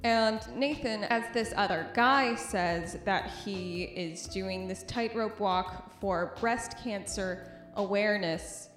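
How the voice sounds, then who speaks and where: A young woman talks through her podcast in an easy, chatty way, with a slightly rough morning voice. She jokes at her own expense and laughs often. Her voice has a mid-range pitch and rings a little in the room. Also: takes it slowly, fairly bright tone, echoey room, faint music behind. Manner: chatty, self-deprecating, laughs easily. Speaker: podcast host. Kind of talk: casual podcast monologue.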